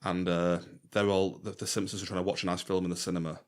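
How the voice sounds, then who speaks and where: A man's voice: deep voice, flat delivery, fast, a little mellow. A man co-hosting a podcast, chatting casually and retelling funny scenes with frequent laughter. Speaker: podcast co-host. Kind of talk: casual chat.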